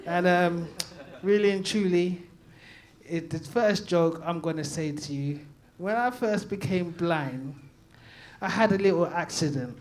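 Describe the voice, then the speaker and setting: A man with a London accent doing open-mic stand-up on a comedy night stage. His voice sits high for a man, and he talks loudly, laughing through his lines and trading calls with the crowd. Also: unhurried. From Brixton, London. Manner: loud, chatty, laughing, riffs with the crowd.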